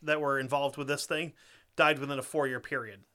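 Co-hosting a podcast, a young man rants rapidly with plenty of profanity and laughter, then reads a story aloud. His medium-pitched voice is smooth, bright, and pushed, with fairly even intonation.

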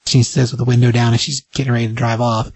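A man's voice: mid-range voice, slightly rough, dry recording. A man hosting a podcast, casually and animatedly recapping a comic book and acting out the dialogue. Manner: animated storytelling, acting out dialogue in quick voices. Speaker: podcast host.

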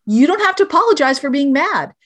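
A woman's voice: high-pitched, big pitch swings, quick pace, a bit bright. A middle-aged woman, a guest on a podcast, gives parenting advice in an earnest, direct, explanatory way.

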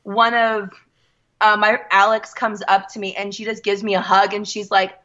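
A woman in her thirties telling a story in a casual chat, animated and quoting people as she goes. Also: medium pitch, moderate pace, lo-fi sound. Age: 30s. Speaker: guest.

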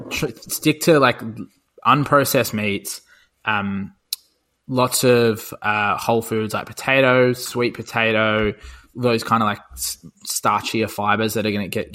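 A man's voice: lowish voice, sharp tone. A young man co-hosting a podcast, chatting casually in a rambling way, swearing freely and full of fillers and restarts. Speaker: podcast co-host. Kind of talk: casual chat.

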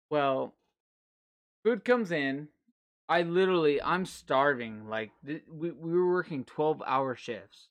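A man's voice: fairly high pitch, unhurried. A man hosting a casual podcast, telling stories with lots of swearing and acted-out quotes. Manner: animated, heavy swearing, acts out quotes. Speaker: podcast host.

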